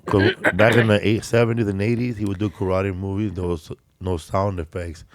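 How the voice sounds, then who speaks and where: A man's voice: sits low, level tone, a little fast. A man co-hosting a casual chat about a show, laid-back and joking. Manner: laid-back, swears, jokes. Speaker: co-host.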